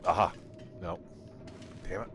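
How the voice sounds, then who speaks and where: A man's voice: unhurried, a bit bright, slight background noise. A man casually commentating his game live, rambling, thinking aloud and swearing freely. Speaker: game streamer.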